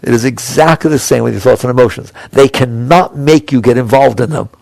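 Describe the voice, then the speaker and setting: A man's voice: medium pitch, brisk, vocal fry, a little mellow, no room sound. A man giving a conversational spiritual talk to an audience, acting out inner voices with small chuckles. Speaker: spiritual teacher.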